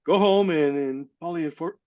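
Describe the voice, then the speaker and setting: A man's voice: on the high side, fairly quick, darkish tone, lo-fi sound. A man from California telling a personal story as an interview guest, acting out the people he quotes. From California, USA.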